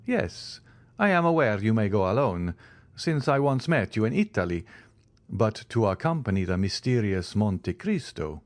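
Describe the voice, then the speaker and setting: A man reading the part of a mysterious, wealthy count in an audiobook, speaking in a measured, courteous way. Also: on the low side, big pitch swings, no echo. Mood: composed.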